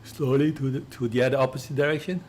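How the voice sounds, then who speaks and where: A man's voice: medium pitch, fairly even intonation, fast, a little mellow. Hesitant man guiding relaxation exercises. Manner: hesitant, repeats and restarts words; coughs and clears throat now and then. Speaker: relaxation instructor.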